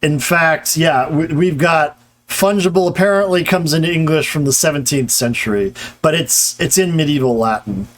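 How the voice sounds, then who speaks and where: A man's voice: fairly high pitch, moderate pace. A man giving a live-streamed grammar lecture, talking casually with many fillers and restarts while answering chat.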